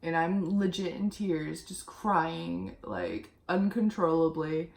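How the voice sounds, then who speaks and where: A woman's voice: deep voice, lively intonation, takes it slowly, creaky, a little mellow. A young woman telling a rambling, chatty story while getting ready on her vlog. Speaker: vlogger. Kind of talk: get-ready-with-me story time.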